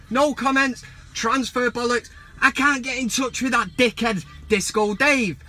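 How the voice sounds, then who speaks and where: A man's voice: high-pitched, sharp tone. A man hosting a football vlog, ranting heatedly and mockingly with plenty of swearing.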